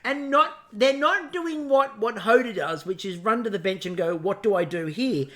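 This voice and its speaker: An Australian man chatting through a recap with a lively, swooping voice that sits a little high. He tells it like a story and acts out the quotes as he goes. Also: normal speed. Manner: animated storytelling, acting out quotes. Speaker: podcast co-host. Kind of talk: casual chat recap.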